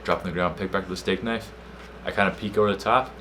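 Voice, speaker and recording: A young man co-hosting a casual podcast, telling a story with slang and loud acted-out quotes. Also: deep voice, fast, a little hiss or hum. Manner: animated storyteller, slangy, acts out quotes loudly. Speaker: podcast co-host.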